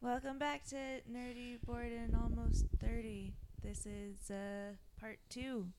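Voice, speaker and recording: Stoned late-20s woman cohosting a podcast, slow and vague, faint hiss behind. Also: a little high, fairly even intonation, gravelly. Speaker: podcast co-host. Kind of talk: casual chat.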